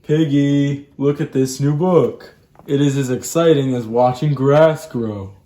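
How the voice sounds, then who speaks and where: A man reading the part of a gloomy, deadpan elephant in a children's storybook, in his own flat, low voice. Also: unhurried, echoey room, natural voice. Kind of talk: children's storybook read-aloud.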